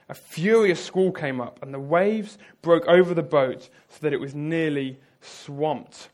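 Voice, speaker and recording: A man preaching a sermon, retelling a story vividly and talking straight to his audience. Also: fairly high pitch. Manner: lively storytelling, addresses the audience directly.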